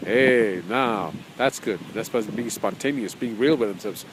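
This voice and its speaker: With background noise behind him, a spiritual teacher whose voice is on the low side speaks at a moderate pace in an informal course. His style is conversational, with repeated phrases, frequent chuckles, and occasional readings from his own book.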